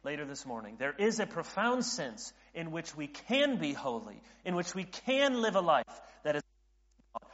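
A man's voice: a little high, sing-song, moderate pace, a bit bright. Guy in his late 30s preaching, earnest, keeps restarting lines, long echo in a big hall, kinda muffled audio. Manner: earnest, with frequent restarts and rising intensity. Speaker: pastor. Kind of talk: sermon. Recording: dull audio in a reverberant hall.

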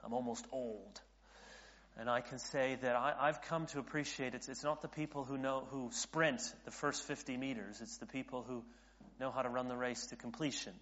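A man's voice: medium pitch, steady tone, moderate pace, a bit bright. A man in his late thirties preaching a sermon as a pastor, earnest, often restarting his sentences and building in intensity. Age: late 30s. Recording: dull audio in a reverberant hall.

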